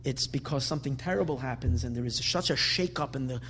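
A man giving a religious lecture, telling stories with animated, emphatic delivery that builds to forceful peaks. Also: medium pitch, fast talker, slight background noise. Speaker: Torah teacher.

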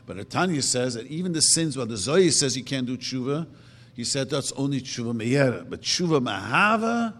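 A man preaching a sermon emphatically, asking rhetorical questions and slowly chanting verses. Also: medium pitch, sing-song, fairly bright tone. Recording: long reverb of a hall.

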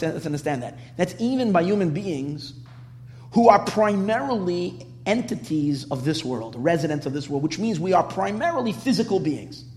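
A man's voice: high-pitched, big-room sound. A man giving a Torah class, posing questions and restarting his sentences as he teaches. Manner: animated, questioning, restarts often.

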